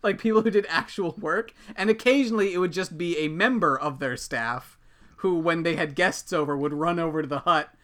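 A man's voice: a little high, brisk, fairly bright tone. Man telling history on his podcast. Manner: dry, explanatory, amused. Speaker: podcast host. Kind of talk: casual storytelling podcast.

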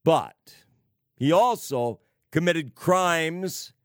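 A man preaching on prophecy, slow and emphatic, with sarcastic asides and wry laughs. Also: fairly high pitch, no echo, clean studio sound. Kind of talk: prophecy sermon.

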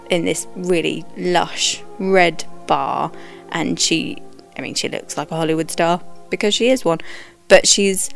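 Gravelly-voiced woman reviewing a film. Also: on the low side. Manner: candid, animated opinions. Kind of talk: conversational narration.

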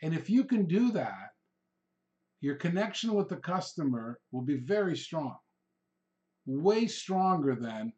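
A man's voice: a little high, very animated, measured pace, long pauses, a little mellow, dull audio. A middle-aged man giving instructional sales advice in a conversational way, acting out short exchanges with customers. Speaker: real estate trainer, podcast host. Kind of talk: instructional talk.

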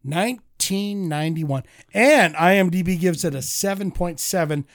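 A man's voice: high voice, moderate pace, dry recording, clean studio sound. A man co-hosting a podcast, joking and rambling through casual banter. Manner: joking, rambling, puts on mock accents. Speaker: podcast co-host.

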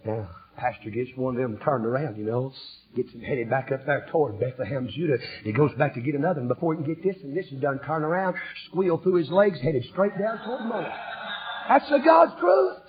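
A man preaching a revival sermon in a rhythmic way, climbing to shouted peaks and then dropping low. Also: brisk. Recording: dull lo-fi recording.

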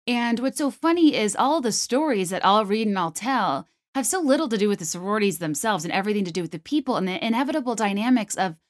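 A young woman hosts her own comedy podcast, riffing alone in a lively, sarcastic way. She keeps breaking into mocking put-on voices. Her voice sits at a middle pitch, and the close mic sounds dry. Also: fast talker, hardly any pauses, dry recording. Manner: animated, sarcastic, jumps into mocking quoted voices. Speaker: podcast host. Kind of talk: solo comedic podcast monologue.

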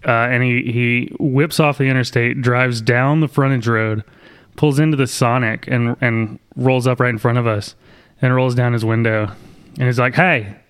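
A man co-hosting a casual podcast. He tells road-trip stories in a laid-back way and lands his jokes dryly. His voice sits at a middling pitch. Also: fairly even intonation, normal speed, smooth. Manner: laid-back storyteller with dry humor. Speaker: podcast co-host. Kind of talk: casual chat.

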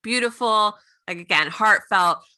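A woman's voice: medium pitch, sharp tone, no room sound. A woman co-hosting a podcast, gushing through an episode recap. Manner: gushing, quick recap with laughs. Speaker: podcast co-host.

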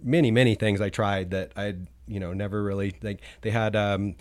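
A man's voice: lowish voice, steady tone, normal speed. A man on a podcast as a guest, recalling his travels in a rambling, casual way with many fillers and restarts. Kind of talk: casual chat.

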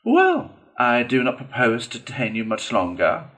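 A man reading a storybook aloud, voicing a self-important male chief weasel in a high, squeaky voice. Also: huge pitch swings, normal speed, background noise. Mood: pompous.

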